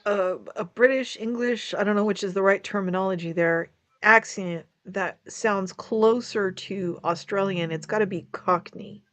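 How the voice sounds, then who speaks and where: A woman's voice: medium pitch, measured pace, dry recording. A woman co-hosting a casual chat, talking freely and laughing often.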